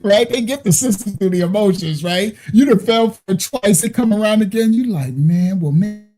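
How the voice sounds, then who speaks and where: Laughing, mellow-voiced man preacher host. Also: high-pitched, a little fast, faint music behind. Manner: laughs often, loose storytelling, frequent "right?". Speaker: ministry host. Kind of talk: casual livestream teaching, answering viewer comments.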